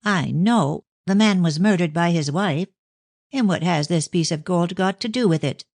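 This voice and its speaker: A woman voicing a thin, dramatic middle-aged clairvoyant, effusive when awake and slow and solemn in trance, in a dry audiobook reading. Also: on the low side, a little mellow, dry recording, natural voice. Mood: gentle.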